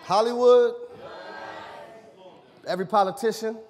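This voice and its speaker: A man pastor preaching a sermon in a church, animated and conversational, questioning his congregation. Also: high voice, a little slow. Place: church sanctuary. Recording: long church hall reverb.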